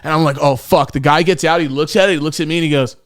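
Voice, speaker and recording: A fast-talking man with a voice on the high side is heard in a dry, studio-quality recording. He co-hosts a podcast, telling casual stories full of swearing and animated, acted-out quotes.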